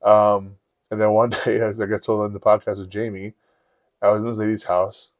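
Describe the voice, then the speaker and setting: A man's voice: lowish voice, level tone, normal speed, no echo, muffled recording. A man hosting a podcast, casually telling a long story with lots of swearing and acting out his own lines. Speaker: podcast host.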